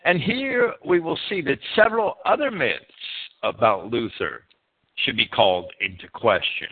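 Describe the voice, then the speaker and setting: A man reads a history lesson with a lively voice that swoops high and low on words he stresses. He trips over a word now and then and corrects himself. The sound is thin and tinny, like a phone line. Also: moderate pace, creaky, slightly rough. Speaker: history series presenter. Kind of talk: read narration of a history lesson.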